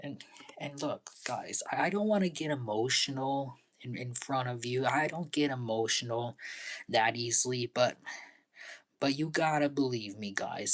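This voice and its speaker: A young man talking in a casual vlog monologue, halting and repeating his words, earnest and pleading, often dropping into breathy half-whispers. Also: medium pitch. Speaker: vlogger.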